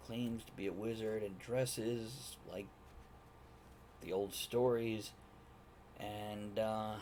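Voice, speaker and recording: A man voicing a fussy dwarf assistant who mutters a roster in a hushed aside. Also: fairly low pitch, slight background noise.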